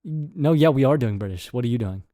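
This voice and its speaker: A man's voice: medium pitch, animated, brisk, dark tone, no room sound, studio quality. A man co-hosting a podcast, chatting casually in a rambling, joking way. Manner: rambling, jokey, full of fillers. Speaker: podcast co-host. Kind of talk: casual chat.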